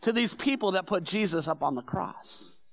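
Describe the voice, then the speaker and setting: A man performing a first-person church monologue as the apostle Peter, an earnest middle-aged fisherman, telling the story in a hushed, sorrowful tone that swells into fervent preaching. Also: high-pitched, animated, moderate pace. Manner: storytelling, swinging from hushed whispers to fervent shouts.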